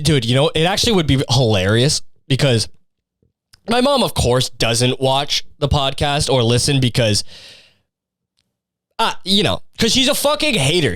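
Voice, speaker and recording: A man's voice: fairly high pitch, a bit bright, no room sound, clean studio sound. Crude rambling young man. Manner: crude, rambling, heavy profanity. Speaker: podcast host. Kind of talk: casual solo podcast rant.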